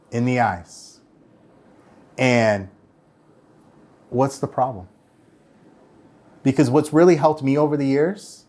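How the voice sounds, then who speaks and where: A man's voice: mid-range voice, darkish tone. A man being interviewed as a real estate broker, telling stories earnestly and acting out what others said. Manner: earnest storytelling, acts out quoted voices. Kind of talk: interview answers.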